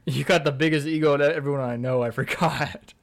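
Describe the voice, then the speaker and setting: A man's voice: a little high, fairly even intonation, a little fast, vocal fry. A young man co-hosting a podcast, teasing and sarcastic in casual banter. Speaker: podcast co-host.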